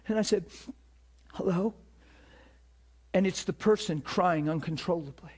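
A man preaching to a ministry school, telling a story with emphatic, animated delivery and acted-out dialogue. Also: measured pace, long pauses, slightly rough. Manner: animated, emphatic, acts out dialogue with rising pitch. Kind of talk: sermon storytelling.

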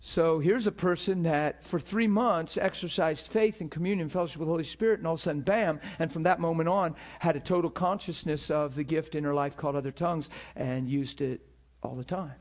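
A man preaching a sermon, telling stories in an animated, emphatic way and acting out the people he quotes. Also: on the high side, a little fast, hardly any pauses. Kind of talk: sermon storytelling.

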